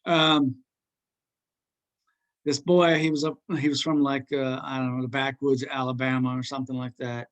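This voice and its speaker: A man's voice: medium pitch, little pitch movement, normal speed, pauses often. A man teaching a class in a casual, rambling way, joking with his students and using lots of fillers.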